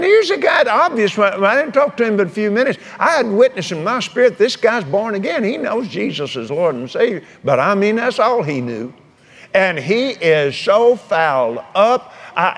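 A man's voice: sits high, a bit bright. A man preaching a sermon, telling folksy stories and urging his listeners with fervor. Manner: folksy storytelling preacher, fervent.

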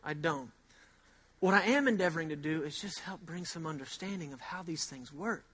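A male pastor preaching a sermon in a conversational way, asking rhetorical questions and slowly repeating key phrases for emphasis. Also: fairly high pitch, a bit bright, slightly rough.

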